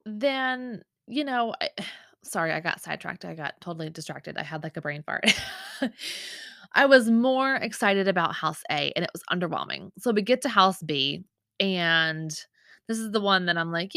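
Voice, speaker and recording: A woman's voice: lowish voice, animated, moderate pace, creaky, fairly bright tone, dry recording. Chatty woman podcast host, close and dry. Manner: chatty and emotional, many fillers and asides. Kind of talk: casual storytelling chat.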